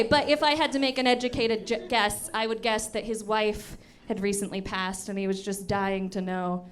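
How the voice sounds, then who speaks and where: A woman's voice: on the high side, normal speed, hardly any pauses, a crowd in the background. A woman in her thirties doing a stand-up comedy set in a comedy club, telling self-mocking stories playfully into a handheld mic. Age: 30s.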